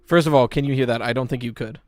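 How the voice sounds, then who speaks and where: A man chats casually with his live stream audience, reacting to a game trailer in an animated, excitable way and swearing offhandedly. His voice is medium-pitched and quick, and the recording is dry.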